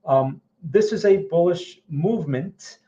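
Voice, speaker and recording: A man hosts a live-stream market analysis in a blunt, emphatic way. His voice sits a little high. The audio is muffled and lo-fi. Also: lively intonation, a little slow, mellow. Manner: blunt, emphatic, often says okay. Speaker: trading analyst host.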